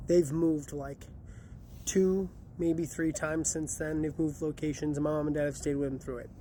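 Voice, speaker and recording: A man's voice: on the high side, level tone, normal speed, mellow, slight background noise. A man casually telling a story about delivering pizza, acting out the lines of the people in it. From Chicago area. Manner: chatty, acts out quotes.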